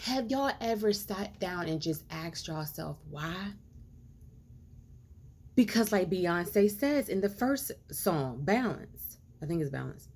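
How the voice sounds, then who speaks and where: Slow, earnest woman preaching a message. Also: mid-range voice, a little mellow, husky. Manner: earnest and preachy, repeated rhetorical questions. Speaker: social commentator. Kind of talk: impassioned monologue to camera.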